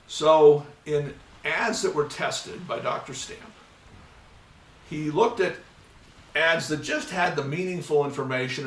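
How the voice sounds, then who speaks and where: A man lectures to a hall, his bright voice slightly raised and carrying. He sits a little away from the mic, so the room rings around him. He acts out both sides of a phone call and breaks into loud bursts. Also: on the high side. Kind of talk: storytelling lecture. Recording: roomy hall, mic at a distance.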